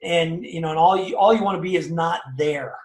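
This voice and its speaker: A man's voice: fairly high pitch, steady tone, brisk, echoey room. A man in his fifties telling his own story as an interview guest, talkative and emphatic, with many fillers and tag questions. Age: 50s. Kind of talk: personal story in a casual interview.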